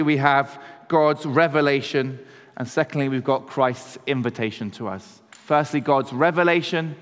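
A man, a pastor, preaching a sermon in a measured, conversational way, slowing down to stress key words. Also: a little high, fairly bright tone. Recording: long hall reverb.

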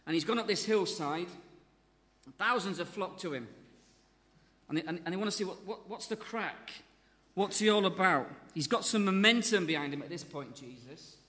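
Lively man preaching in a hall. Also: high voice, normal speed. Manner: lively, jokey, acts out crowd voices. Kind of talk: sermon. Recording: long hall reverb.

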